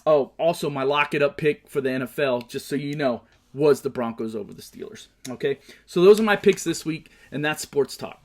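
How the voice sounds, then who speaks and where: A man's voice: on the high side, lively intonation, fairly quick, few pauses. A man hosting his own show, giving casual sports picks and movie talk, swearing and ranting hotly about his team. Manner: profane, heated ranting. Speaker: show host.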